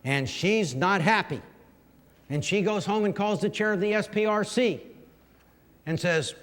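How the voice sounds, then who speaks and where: High-voiced man preaching in a hall. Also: a little slow, fairly bright tone. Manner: storytelling with humorous asides to the audience. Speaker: pastor speaking to clergy. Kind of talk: folksy conference talk. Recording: long reverb of a large hall.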